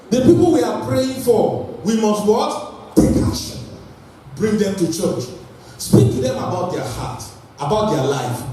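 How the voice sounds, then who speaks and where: A man preaching an energetic sermon and calling on his congregation to respond. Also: very high voice. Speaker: pastor. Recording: echoey hall, voice from far off, faint noise.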